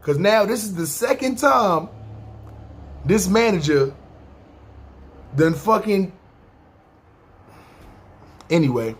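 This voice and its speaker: A podcast storyteller with a New York accent relates a story from his own life in a laid-back, profane way. His voice is slightly high for a man with a husky grain. He acts out quotes with quick impressions of the people involved and keeps returning to the same catchphrases.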